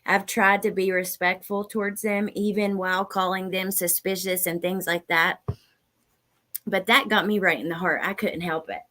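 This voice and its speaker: A woman's voice: mid-range voice, level tone, normal speed, sharp tone. A woman hosting a livestream, reacting to an interview clip and reading out viewers' chat comments as she muses aloud. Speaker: livestream host.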